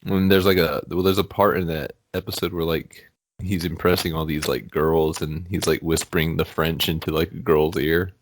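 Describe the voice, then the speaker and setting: Very deep-voiced man rambling on a podcast. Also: little pitch movement, normal speed, no echo. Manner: rambling storyteller, many fillers. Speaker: podcast co-host. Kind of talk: casual podcast banter.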